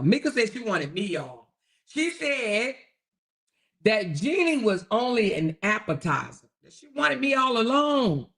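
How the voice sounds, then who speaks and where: A woman hosting her own online talk show, delivering a loud, taunting, profanity-heavy rant. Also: mid-range voice, very animated, a little slow.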